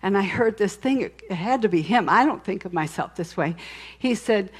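A woman shares her testimony from the pulpit in a mid-pitched, conversational voice. She tells it candidly, doubling back on her words and adding little asides. Her delivery swings between quiet reflection and emphatic declaration. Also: expressive, normal speed, husky. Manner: candid storytelling with frequent restarts and asides. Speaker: speaker sharing a testimony.

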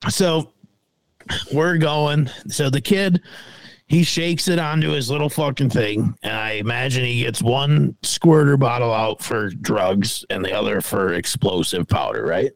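A man's voice: mid-range voice, takes it slowly, vocal fry, no room sound. A man telling a long story in casual podcast chat, swearing freely and acting out what others said. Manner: animated, profane, acts out other people's lines. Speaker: podcast co-host.

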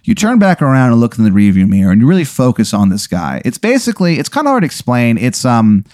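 A man's voice: medium pitch, huge pitch swings, fast talker, a little mellow, no room sound, studio quality. A man narrating an improvised tabletop game as game master, casual, with many fillers and swearing.

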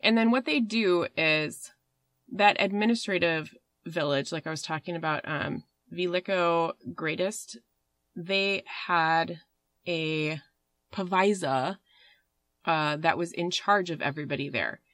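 A woman's voice: lowish voice, measured pace, fairly bright tone, no echo. A woman hosting a podcast, telling a story in a rambling, casual way with fillers and swearing. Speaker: podcast host.

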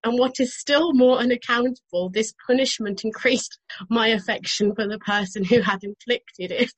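Lady cohost, fairly high husky voice, keeps giggling through her story. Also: moderate pace, low-quality recording. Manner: giggly, amused while reading aloud. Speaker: podcast co-host. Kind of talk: casual storytelling chat.

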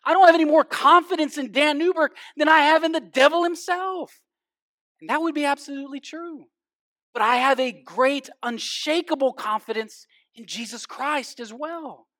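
A male pastor giving a sermon, swinging from loud emphasis down to hushed, intense passages. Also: very high voice, moderate pace, dry recording, studio quality.

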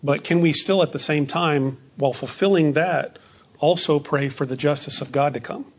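A man's voice: on the high side, moderate pace. A man, a pastor leading a midweek Bible study in a conversational way, often asking rhetorical questions and repeating phrases.

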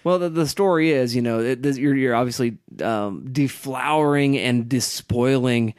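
A man's voice: medium pitch, normal speed, darkish tone, clean tone, no echo, clean studio sound. Thoughtful, hesitant man co-hosting. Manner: thoughtful, hesitant, restarts often. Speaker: podcast co-host. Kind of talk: casual film discussion.

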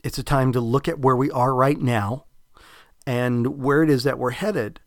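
A man's voice: medium pitch, fairly even intonation, moderate pace, no room sound. A man with a Southern US drawl talks through a podcast episode in a loose, reflective ramble, full of fillers and false starts. His voice sits in a middle register. The recording is close and dry, with no room sound. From American South. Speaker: podcast host. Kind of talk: casual spiritual podcast talk.

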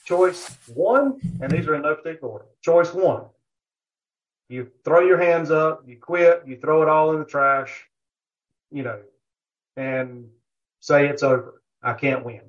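A man's voice: a little high, unhurried, pauses often. A man, a guest on a barbecue podcast, telling a rambling story in a casual interview, full of fillers and asides. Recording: dull lo-fi audio.

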